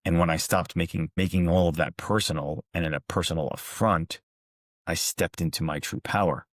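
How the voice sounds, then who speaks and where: A man giving a reflective motivational talk and telling parables in a calm, measured, earnest way. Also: low-pitched, no room sound, clean studio sound. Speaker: motivational speaker and coach.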